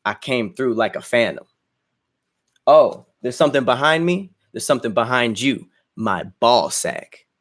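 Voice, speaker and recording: A man's voice: mid-range voice, lively intonation, unhurried, a bit bright. Crude, boastful young male podcast host. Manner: crude, boastful and joking, laughs at himself. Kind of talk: casual livestream chat and freestyle rap.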